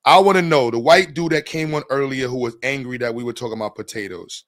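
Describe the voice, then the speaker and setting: A man with a New York accent hosting a podcast, bantering fast and swearing as he jokes. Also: mid-range voice, a bit bright. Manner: profane, joking, rapid banter. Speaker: podcast host. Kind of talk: casual chat.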